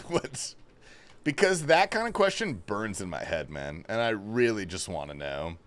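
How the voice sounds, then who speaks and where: A laid-back man on a gaming livestream, talking casually to his chat. His pitch is lively and moves a lot, and he sprinkles in swearing along with bro and man. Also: measured pace.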